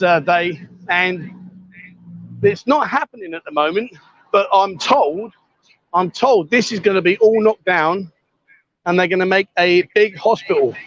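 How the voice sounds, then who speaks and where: Male host, high-pitched and chatty, outdoor street livestream on a phone mic, slightly lo-fi. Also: no echo. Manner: chatty, jokey, greets people loudly on the street. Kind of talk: casual walkabout livestream. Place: outdoor street market at night.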